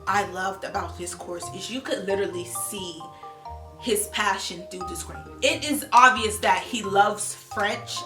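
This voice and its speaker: A young adult woman from Ohio giving a casual, animated review of a language course, full of "like" fillers. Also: medium pitch, a little slow. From Columbus, Ohio, USA. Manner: animated, filler-heavy with frequent "like". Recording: echoey room with music behind.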